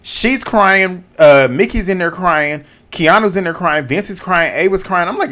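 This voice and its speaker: A man hosting a casual reality TV recap vlog, talking in slang with a lively, profane way of telling the story. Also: high-pitched, normal speed, few pauses. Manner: animated, profane, slangy storytelling with quoted reactions.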